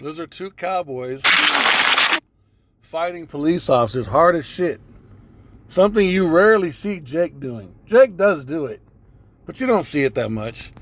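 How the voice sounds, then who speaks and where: Male streamer, slightly higher voice, preachy scripture-quoting delivery with heavy profanity. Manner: preachy and profane, repeats phrases. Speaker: streamer commenting on clips. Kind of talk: religious commentary reading scripture.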